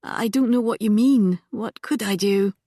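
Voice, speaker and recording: A woman's voice: medium pitch, unhurried, warm tone, dry recording, studio quality. A woman reading an audiobook voices a determined young woman who speaks in a firm, urgent way.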